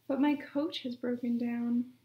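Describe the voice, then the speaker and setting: A woman's voice: a little high, little pitch movement, unhurried, lo-fi sound, natural voice. A woman voicing a polite, proper princess in a storybook reading, with refined manners. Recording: echoey room.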